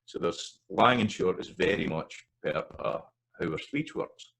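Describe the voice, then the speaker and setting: A man's voice: low-pitched, expressive, a little slow, gravelly, fairly bright tone, husky, low-quality recording. A man with a Scottish accent teaching pronunciation over slides, repeating vowel examples with loose, hesitant asides. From Scotland. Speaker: language teacher. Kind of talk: recorded slide lesson on pronunciation.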